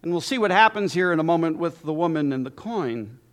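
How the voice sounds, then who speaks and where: A man preaching a sermon as pastor, emphatic with dramatic pauses and lists. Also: a little high, lively intonation.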